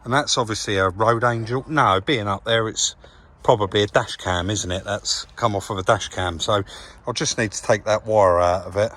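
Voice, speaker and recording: A man from England in a car workshop, talking casually to camera as he cleans a car, relaxed and chatty, calling viewers "guys". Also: on the low side, normal speed. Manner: chatty, relaxed, says "crack on" and "guys" often. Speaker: car rebuild vlogger.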